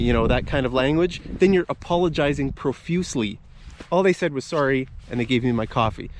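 A man's voice: mid-range voice, fairly quick, slight background noise. A man hosting a casual English-teaching vlog outdoors in a park, talking while he walks and explaining words as he goes. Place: outdoors in a park with bushes and a bridge.

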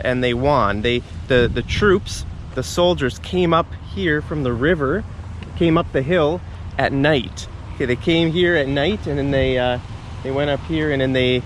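A man's voice: mid-range voice, slight background noise. A man talking casually to camera in an outdoor riverside park, rambling with a wry, joking manner. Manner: chatty, rambling, wry humor. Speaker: vlogger. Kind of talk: casual walking vlog.

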